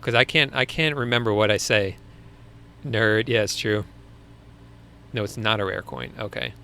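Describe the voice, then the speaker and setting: With a fairly low, bright, forceful voice with vocal fry at normal speed, a young Long Island host chats loosely with viewers on a casual live Q&A stream, slight background noise behind him. He laughs easily and restarts often.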